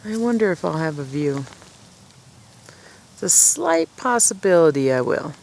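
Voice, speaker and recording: A woman's voice: low-pitched, big pitch swings, a little slow, gravelly, a little mellow. A woman chatting casually to the camera outdoors at a mountain campsite at dusk, rambling and laughing at herself. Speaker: outdoor vlogger.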